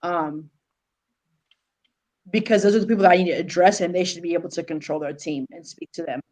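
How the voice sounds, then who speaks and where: A woman co-hosting a podcast, explaining her approach calmly with many pauses. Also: fairly low pitch, poor audio. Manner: measured, with many "um"s. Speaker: podcast co-host, flag football official. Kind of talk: casual podcast discussion.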